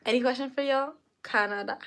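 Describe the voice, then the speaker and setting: A woman's voice: high-pitched, brisk, a bit bright. A woman hosting a casual live stream, chatting playfully with viewers, reading their comments aloud and laughing often. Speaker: livestream host.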